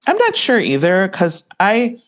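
A woman with a Midwestern accent co-hosting a podcast in casual chat, self-deprecating and quick to laugh. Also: medium pitch, wildly swooping pitch. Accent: Midwestern American. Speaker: podcast co-host. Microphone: headphones and podcast mic.

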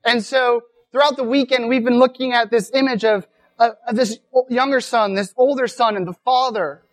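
A woman's voice: a little high, fairly even intonation, moderate pace. A woman giving a conversational sermon at a weekend retreat, repeating words as she goes and often asking "right?". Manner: casual, repeats words, asks rhetorical questions. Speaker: speaker at a weekend church retreat.

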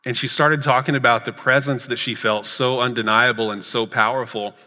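In a reverberant church sanctuary, a man in his thirties preaches as pastor with a medium-pitched voice, steady and brisk with a sharp tone. He tells his story earnestly, building up to emphatic repeated lines.

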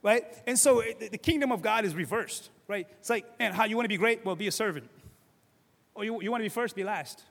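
A male pastor from Cape Verde, preaching in a lively, conversational way and often asking "right?", swinging between loud and soft. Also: high-pitched, brisk, gravelly, big-room sound. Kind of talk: sermon.

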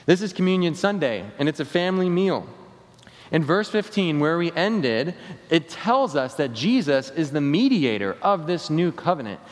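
A man preaching a Sunday sermon as pastor, slowing down and dropping his voice at the ends of key phrases. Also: fairly high pitch, very animated. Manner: preaching with falling endings and slowed emphatic phrases. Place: church sanctuary. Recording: long reverb of a church hall.

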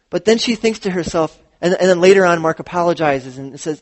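Male pastor, high-pitched, lively sermon storyteller acting out quotes. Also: fairly quick, few pauses. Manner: animated storytelling with acted quotes. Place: church.

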